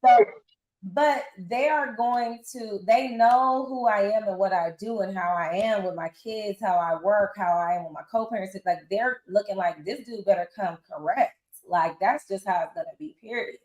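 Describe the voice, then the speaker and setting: A lively woman in her forties talks through her experiences like a friend catching up, slipping into other people's voices as she quotes them. Her voice carries a roomy echo around it. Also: mid-range voice, normal speed. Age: 40s. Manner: animated storyteller acting out quotes. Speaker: interview guest. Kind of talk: casual interview talk.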